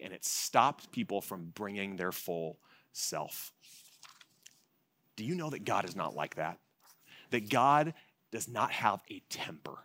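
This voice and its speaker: A male pastor preaching a sermon at an evening church service, swinging between loud, emphatic repetition and soft, hushed passages. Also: medium pitch, no room sound.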